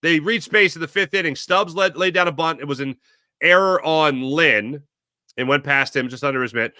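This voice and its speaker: A man's voice: on the high side, normal speed, dry recording, studio quality. A man hosting a sports talk show, chatting casually and rambling with jokes while he answers viewer comments. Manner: animated, rambling, jokey.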